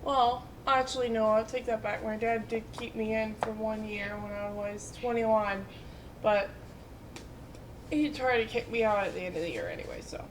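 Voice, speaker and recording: A woman in her twenties chatting casually, telling lively stories full of fillers and quoted voices. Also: a little high, normal speed, roomy sound, background noise. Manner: animated storytelling with many fillers and quoted voices. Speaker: storyteller in casual chat. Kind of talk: casual chat.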